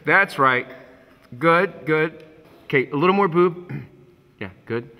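Profane male director coaching actors on set, mock-dramatic; bright, piercing tone, long set reverb. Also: a little high, takes it slowly. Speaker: music video director. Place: large film set.

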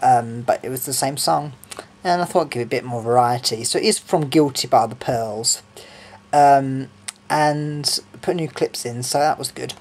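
A man's voice: medium pitch, moderate pace. A young man from Sussex, telling stories in a rambling, hesitant way with lots of ums and giggles. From Sussex, England. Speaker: vlogger. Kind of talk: casual storytelling.

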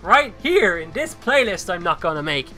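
A man's voice: sits high, big pitch swings, normal speed, bright, forceful tone, faint music behind. A man hosting a casual podcast chat, rambling with fillers and laughing often. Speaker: podcast host.

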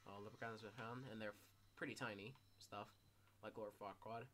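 A man commentating his own gameplay casually, swearing a lot and yelling in sudden bursts. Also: lowish voice, fairly even intonation, a little fast. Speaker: gameplay streamer.

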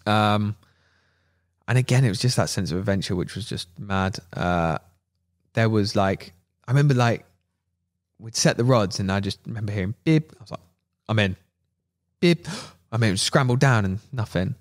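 A man telling a fishing story as a podcast guest, animated, laughing and acting out what people said. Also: fairly low pitch, moderate pace, pauses often. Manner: animated, laughing, acts out quotes. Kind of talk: casual storytelling.

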